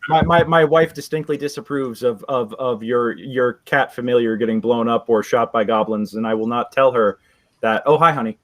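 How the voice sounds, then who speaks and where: A man's voice: mid-range voice, fairly even intonation, moderate pace, fairly bright tone. A man acting as dungeon master in a live online tabletop game, talking loosely with many restarts and laughs.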